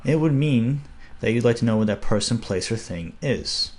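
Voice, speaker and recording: A young man giving a casual, upbeat video lesson, slowing down to spell out words. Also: mid-range voice, expressive. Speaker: language teacher.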